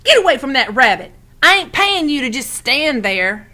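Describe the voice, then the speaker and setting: A woman puts on an exaggerated, high-pitched voice above her natural one to play a bossy old country woman who drawls and orders people around in a scolding mood. Her delivery is bright and forceful, at normal speed, with big pitch swings.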